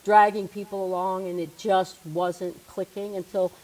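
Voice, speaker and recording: A woman's voice: medium pitch, flat delivery, moderate pace, darkish tone, rough recording. A middle-aged woman, a studio partner, speaking candidly and with self-deprecating humor in a casual conversation. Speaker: studio partner, Air Force veteran.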